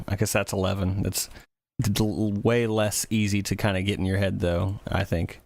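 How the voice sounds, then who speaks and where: A man's voice: fairly low pitch, steady tone, a little slow, vocal fry, long pauses, a little mellow. A man chatting casually on a music livestream, rambling and thinking aloud with many fillers. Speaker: music streamer.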